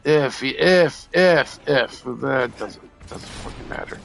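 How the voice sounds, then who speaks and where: A man's voice: mid-range voice, a little slow, vocal fry, fairly bright tone, faint music behind. A man streaming a video game while drunk, rambling and stammering, swearing at enemies as he plays. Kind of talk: casual drunk gameplay commentary.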